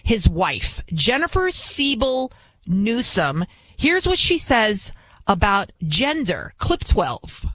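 A woman's voice: mid-range voice, very animated, slow pace, fairly bright tone, no echo, poor audio. A woman hosting a commentary show, talking bluntly and emphatically, often repeating and restarting her words. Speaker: host. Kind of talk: opinionated commentary monologue.

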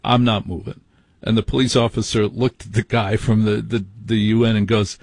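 Male late-night radio host, husky voice, blunt and indignant, dry close sound. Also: on the low side, moderate pace, no echo. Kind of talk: call-in radio talk.

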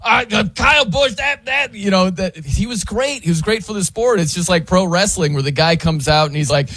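A man hosting casual sports talk, animated and quick to laugh. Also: sits high, dry recording. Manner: animated, laughs often, slips into mock announcer voices.

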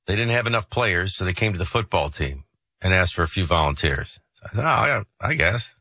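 A man's voice: deep voice, fairly quick, bright, forceful tone, dry recording, studio quality. A man hosting a morning talk radio show, chatting casually about sports and reading the news. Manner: chatty, conversational, with frequent restarts. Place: radio studio. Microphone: studio microphone.

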